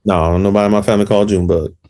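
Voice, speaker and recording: A man answering interview questions, hesitant and halting, with many fillers. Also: fairly low pitch, steady tone, darkish tone.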